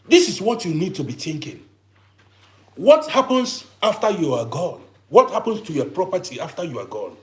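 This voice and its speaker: A man's voice: sits high, big pitch swings, moderate pace. A man in his fifties giving advice in an emphatic, lecturing monologue full of rhetorical questions. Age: 50s.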